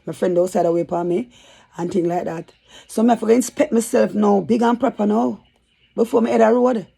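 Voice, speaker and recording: A woman's voice: medium pitch, fairly even intonation, brisk, creaky, dark tone, husky. A woman telling a rambling, chatty story for her vlog. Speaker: YouTuber.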